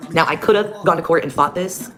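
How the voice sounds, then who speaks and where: A woman's voice: deep voice, brisk. A woman telling her own story as a mother in a blunt, heated way, with heavy swearing. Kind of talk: personal storytelling. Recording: clear music behind the voice. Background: music.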